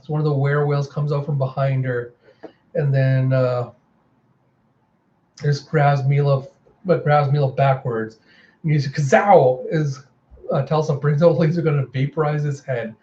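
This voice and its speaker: A man's voice: mid-range voice, flat delivery, moderate pace, pauses often, mellow. A man casually and enthusiastically reading through and reviewing a comic. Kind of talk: excited comic readthrough. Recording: echoey, dull lo-fi room.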